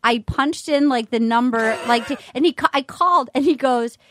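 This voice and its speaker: Bubbly high-voiced woman gushing. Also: a bit bright, no room sound. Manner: bubbly and gushing, quick storytelling. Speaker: podcast co-host and comedian. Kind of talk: excited casual chat.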